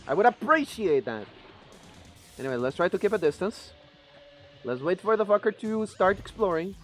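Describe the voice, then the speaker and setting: A man streaming live gameplay commentary. He is profane and excitable, begging the game and yelling at it. His first language is Spanish. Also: sits high, moderate pace, pauses often, faint music behind.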